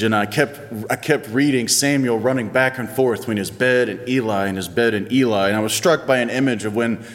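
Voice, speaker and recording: Male pastor, 30s, chatty storytelling sermon, long church reverb. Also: medium pitch. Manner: conversational, playful storytelling with varied pace.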